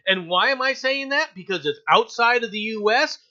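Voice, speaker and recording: An American man co-hosting a casual news stream, opinionated and quick to laugh. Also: high-pitched, highs cut off. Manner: animated, opinionated, laughs often. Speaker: co-host reading news stories.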